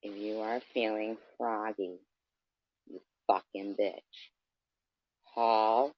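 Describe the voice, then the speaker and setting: A man's voice: on the low side, fairly even intonation, takes it slowly, pauses often, dry recording. A man delivering an aggressive, profane, taunting rant straight at his camera. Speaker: vlogger. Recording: dull lo-fi dry sound.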